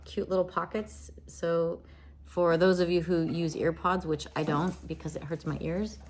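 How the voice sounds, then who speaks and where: A woman chats on a livestream from home, her voice sitting low with a gravelly fry. She rambles easily from one thought to the next and often restarts her sentences. Faint noise sits under the voice. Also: little pitch movement, normal speed, a little mellow. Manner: rambling, chatty, many restarts. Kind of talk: casual livestream chat.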